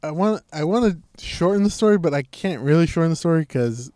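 A man's voice: fairly high pitch, a little fast, dry recording, clean studio sound. A man telling a long story in casual chat, acting out what others said and swearing freely. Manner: animated, acts out quotes, swears freely.

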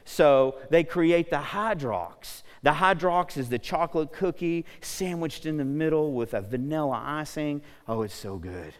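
A man preaching to a congregation with a fast, energetic delivery and a smooth, resonant, slightly high voice. He speaks in a large church hall, and a long reverb follows his words. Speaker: pastor. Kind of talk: sermon. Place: church sanctuary.

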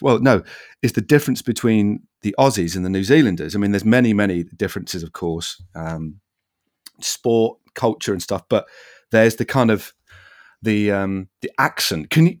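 A man's voice: fairly low pitch, a little mellow, no echo, clean studio sound. A middle-aged man, chatting casually and enthusiastically, often breaking off and restarting his sentences. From Britain. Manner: rambling, self-interrupting, enthusiastic. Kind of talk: casual chat.

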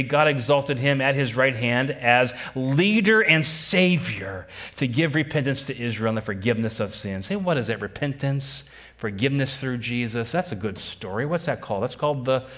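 A man's voice: medium pitch, animated, moderate pace, fairly bright tone. A man preaching a sermon as a pastor, emphatic and repeating key phrases, putting questions to his congregation.

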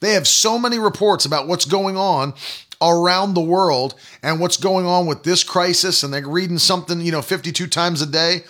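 A man's voice: sits high, normal speed, fairly bright tone. A man in his thirties preaching a sermon, emphatic and repetitive, mocking the doubters he quotes. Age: 30s. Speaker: pastor.

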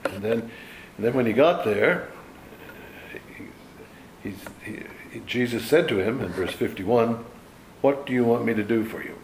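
A man's voice: mid-range voice, a little slow, pauses often, roomy sound, slight background noise, low-quality recording. A man giving an informal Bible study in a loose, conversational way, dropping frequent asides to his listeners. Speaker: Bible teacher.

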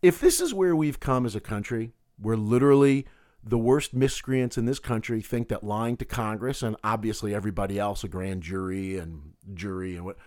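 A man's voice: lowish voice, moderate pace, darkish tone. A man with a cold delivering an indignant, sarcastic political commentary monologue. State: has a cold.

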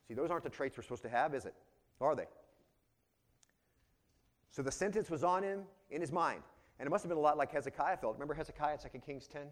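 Conversational preaching man, slightly high voice. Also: fast. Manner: conversational, full of rhetorical tag questions. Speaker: pastor. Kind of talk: expository sermon.

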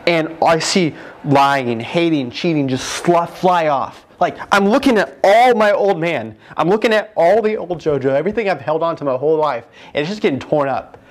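A young man telling an emotional testimony in a group conversation, excited and rushed, full of "like", into a handheld mic. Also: fairly high pitch. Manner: excited, rushed, fills speech with "like". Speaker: guest telling his near-death story. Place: room with other men holding mics.

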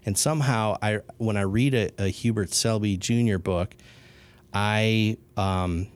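Low-voiced man talking about books. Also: steady tone, a little slow. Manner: hesitant, many fillers and restarts, enthusiastic about books. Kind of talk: casual conversation.

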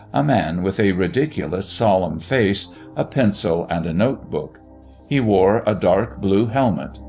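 Gravelly man reading a ghost story. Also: lowish voice. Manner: expressive, dramatic reading. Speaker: narrator.

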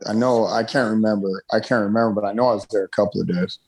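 A man's voice: on the low side, fairly even intonation, quick pace, a little mellow. A man joining a casual chat, talking in an easygoing, laid-back way.

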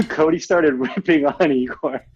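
A man's voice: fairly high pitch, unhurried, slightly rough. A man in casual chat, telling rambling stories with many restarts and giggles. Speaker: bandleader and podcast co-host. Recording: dull lo-fi sound.

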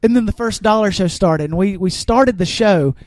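A man who wrestles, a podcast guest, telling stories excitedly in casual chat and acting out scenes with sound effects. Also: high voice, moderate pace, no room sound.

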